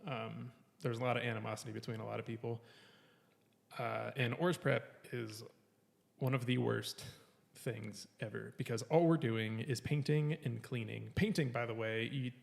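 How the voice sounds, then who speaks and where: A man's voice: medium pitch, steady tone, normal speed, vocal fry, long reverb tail. A man telling a long story on a casual podcast, swearing often, laughing between lines and acting out what others said. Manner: profane, laughing, quotes people animatedly.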